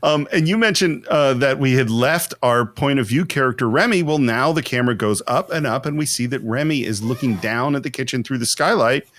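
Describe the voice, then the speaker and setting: A man co-hosting a podcast, talking casually about a film at mid pitch. He is animated and slips into quick voices for quotes. The recording is dry and close. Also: no echo. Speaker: podcast co-host.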